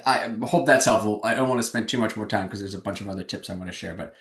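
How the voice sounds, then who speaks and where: A man's voice: fairly low pitch, quick pace, a bit bright, echoey room. A man giving a webinar presentation on fundraising, speaking energetically and emphatically over a video call.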